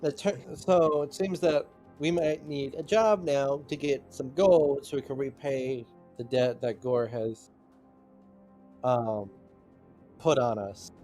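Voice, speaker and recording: A man's voice: mid-range voice, slow, dark tone, soft background music. A man playing a tabletop game, talking casually and a bit hesitantly. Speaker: player.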